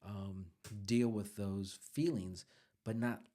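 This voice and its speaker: Low-voiced older man musing thoughtfully. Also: fairly even intonation, takes it slowly, dark tone. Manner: reflective, fills with "you know" and restarts. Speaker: podcast co-host, father. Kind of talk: casual conversation.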